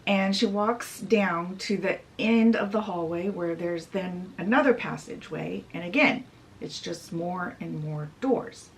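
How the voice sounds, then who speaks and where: A woman's voice: on the low side, measured pace, low-quality recording. A woman book reviewer retelling a fairy tale in a chatty, casual way, adding asides. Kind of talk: casual storytelling summary.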